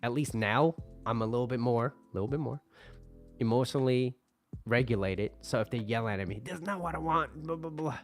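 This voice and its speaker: A man's voice: mid-range voice, normal speed, faint music behind. A man talking through relationship advice in a loose, conversational way, often ending lines with "right?". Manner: acts out angry customers in mock voices. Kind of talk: casual advice monologue.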